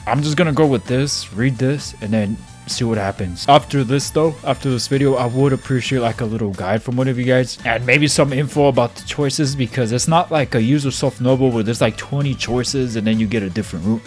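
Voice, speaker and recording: A man reacting to a visual novel playthrough, excitable, jumping from low mumbling to sudden yells. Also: a little fast, hardly any pauses, faint music behind. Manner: excitable, jumps from mumbling to yelling. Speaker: gaming channel host.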